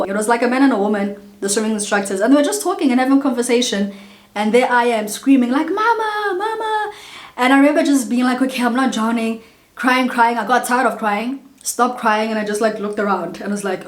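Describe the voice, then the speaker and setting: A South African woman in her late twenties, chatting casually and warmly as a vlogger, telling childhood stories with lots of asides to viewers. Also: fairly high pitch, reverberant. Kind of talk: casual get-to-know-me storytelling.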